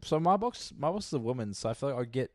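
A young man talking casual crude banter on a close podcast mic. His pitch swings widely as he tells stories, and the sound is dry and close with no room around it. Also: lively intonation, fast talker, darkish tone, dry recording. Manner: swears freely, retells stories with mimicked voices. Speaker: podcast co-host.

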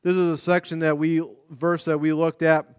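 A male pastor preaching a sermon in an animated, conversational way, often restarting his sentences. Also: fairly high pitch, moderate pace, clear, resonant tone, no echo, studio quality.

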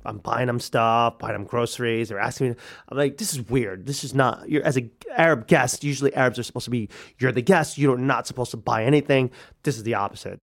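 A man's voice: mid-range voice, quick pace, creaky. Man telling a wild personal story. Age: 30s. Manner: animated, acts out quoted voices. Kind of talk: personal story told to a radio audience.

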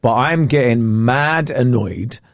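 A British man co-hosting a casual podcast, animated and mimicking other people's voices as he talks. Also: medium pitch, slow pace, creaky, dry recording, clean studio sound. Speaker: podcast co-host.

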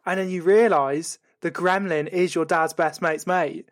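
A man, podcast co-host, retelling a story comically with animated, sweary narration. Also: on the high side, a little slow.

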